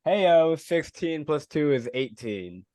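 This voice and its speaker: A man's voice: fairly high pitch, very animated, takes it slowly, warm tone, dry recording. A man playing a tabletop game, easygoing and joking as he rolls dice. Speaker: player.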